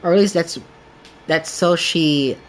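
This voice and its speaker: A man's voice: fairly high pitch, unhurried. A young man streaming a game, chatting casually in a rambling, candid way, leaning heavily on the filler "like". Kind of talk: casual chat while gaming.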